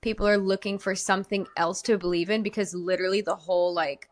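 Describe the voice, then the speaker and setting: A woman's voice: medium pitch, fairly even intonation, fast talker. A woman around thirty co-hosting a podcast, asking long, rambling questions with lots of 'like' and casual swearing. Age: late 20s to early 30s. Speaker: podcast co-host.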